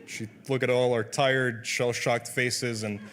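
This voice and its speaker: A man's voice: mid-range voice, flat delivery, a little slow, a bit bright. A young man, a nursing student, sincerely introducing a faculty speaker at a ceremony in an event hall. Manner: sincere, admiring. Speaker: student presenter.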